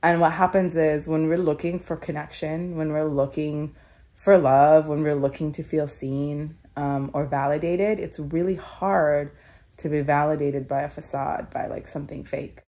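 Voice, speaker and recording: A woman's voice: low voice, steady tone, normal speed, warm tone. A woman telling a candid personal story in an interview, earnest and reflective, with many filler "likes". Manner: tearful laughing when moved.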